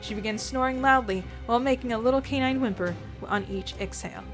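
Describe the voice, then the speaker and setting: A woman's voice: fairly high pitch, quick pace, hardly any pauses, music in the background. A woman reading a story aloud, theatrical and sarcastic, with asides to the listener. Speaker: reader reacting to fan fiction.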